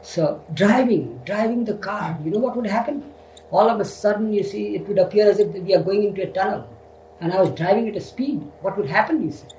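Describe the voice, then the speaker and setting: An older man recounting his memories in a halting way, repeating words and often saying "you see". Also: high voice, a little mellow, reverberant, slight background noise, low-quality recording. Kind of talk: reminiscing storytelling.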